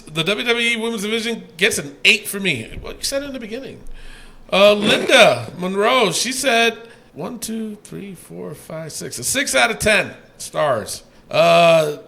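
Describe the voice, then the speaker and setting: Man podcast host, high bright gravelly voice, loud and cussing, reads listener comments. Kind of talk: casual podcast chat.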